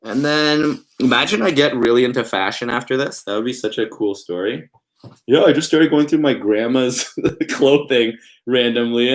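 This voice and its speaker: A young man hosting a casual vlog, talking in a playful, giggly way and hamming up each pun. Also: medium pitch. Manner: playful, giggly, reads puns in a put-on emphatic voice. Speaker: vlogger.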